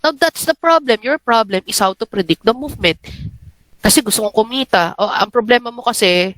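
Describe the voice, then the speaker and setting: A woman's voice: a little high, fairly quick, a bit bright, no echo, low-quality recording. Filipino woman professor lecturing, dry sound. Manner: frequent checking "okay?" with students. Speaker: university professor. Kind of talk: lecture mixing English and Filipino.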